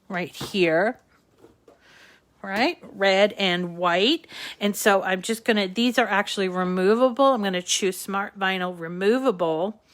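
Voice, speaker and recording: Slow-talking New England woman crafter. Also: medium pitch, fairly bright tone. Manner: chatty, with many fillers and asides to viewers. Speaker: crafting show host. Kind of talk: casual live craft demonstration.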